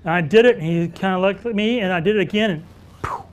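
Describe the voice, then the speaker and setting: A man teaching wildlife photography at a live workshop, telling stories and answering audience questions in an animated way. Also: sits high, fast talker. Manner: animated storyteller who acts out dialogue.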